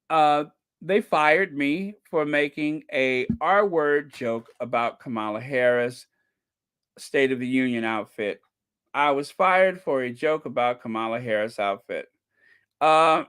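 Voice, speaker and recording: A man's voice: a little high, fairly bright tone, clean tone. A man hosting a commentary channel, talking casually to his viewers with frequent laughter and emphatic asides.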